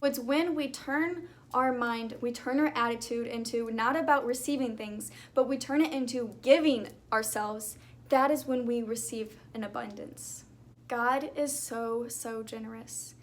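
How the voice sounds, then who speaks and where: A woman's voice: fairly high pitch, a little slow, a little hiss or hum. A young woman vlogger talking earnestly about her faith in a chatty, casual way, with lots of fillers. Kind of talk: casual talk to camera.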